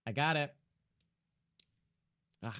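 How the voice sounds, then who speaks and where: A man's voice: mid-range voice, slow pace, sharp tone, dry recording, clean studio sound. A young man streaming from home, chatting casually and self-mockingly to himself and his chat while he draws.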